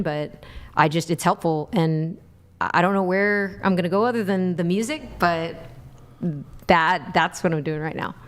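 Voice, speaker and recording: A woman in her thirties with a smooth, lowish voice introduces herself, hesitating and second-guessing as she goes. Her words come out in uneven bursts. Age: 30s. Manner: hesitant, self-conscious.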